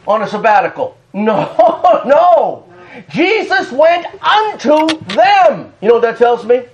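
A male pastor preaching a sermon, fervent and emphatic, bursting into shouts and laughter. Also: very high-pitched, very animated, measured pace, a little hiss or hum.

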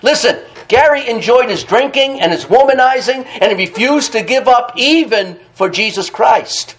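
A man's voice: very high-pitched, expressive, normal speed, a bit bright. A man preaching a sermon emphatically, repeating key phrases, calling out to the congregation for an "amen" and laughing between points.

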